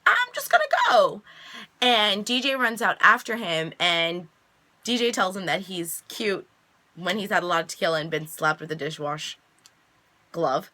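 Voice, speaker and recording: A young woman casually recapping a TV episode, chatty and animated, jumping high in pitch when she quotes the characters. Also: moderate pace. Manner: chatty, animated quoting with big pitch jumps. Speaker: reaction vlogger recapping an episode.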